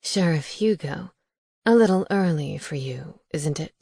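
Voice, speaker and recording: A woman narrator voicing a smooth, charming male vampire who speaks low and attentively. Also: expressive, measured pace, mellow, dry recording, clean studio sound, exaggerated voice.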